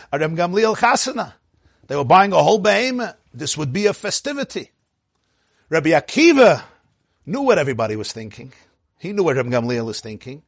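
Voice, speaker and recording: A man teaching a Torah lecture, telling the story with animated delivery, laughing now and then, and mixing in Hebrew terms. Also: fairly high pitch, slightly rough, no room sound, clean studio sound. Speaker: rabbi teaching.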